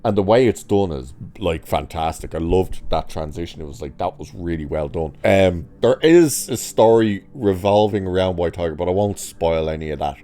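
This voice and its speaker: A man's voice: sits low, animated, normal speed, hardly any pauses, warm tone. A man talking casually as he reviews a TV show, chatty and exasperated, with lots of filler words. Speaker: TV review host.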